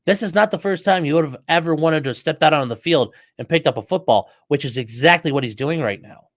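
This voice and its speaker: A man's voice: a little high, brisk. A man hosting a show, giving blunt, emphatic commentary on a trial with sports analogies and some swearing. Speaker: host commenting on a trial clip. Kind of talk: casual commentary.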